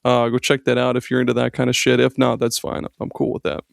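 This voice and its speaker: A man of middle pitch with a gravelly edge joins a podcast as a guest. He throws in profane reactions and laughs along with the banter. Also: monotone, fast talker, no room sound, clean studio sound. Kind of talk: casual chat.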